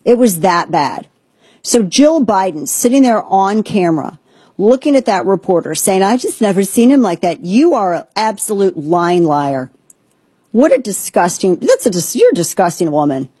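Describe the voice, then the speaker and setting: Indignant woman host, husky and dark. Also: medium pitch, big pitch swings, moderate pace, dry recording. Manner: indignant, sarcastic, emphatic. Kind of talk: opinionated political commentary.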